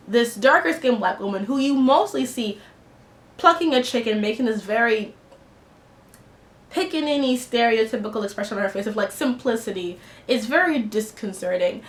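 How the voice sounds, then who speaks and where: A woman's voice: medium pitch, fairly bright tone. Indignant woman reviewing a film. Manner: indignant, impassioned, blunt. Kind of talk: opinionated spoken film review. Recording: echoey room with faint noise.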